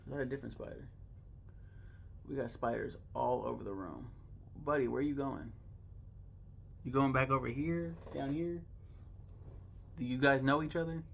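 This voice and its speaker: A man's voice: mid-range voice, normal speed, creaky, pauses often, a little hiss or hum. A young man rambling casually to camera as a vlogger, joking and swearing in an offhand way.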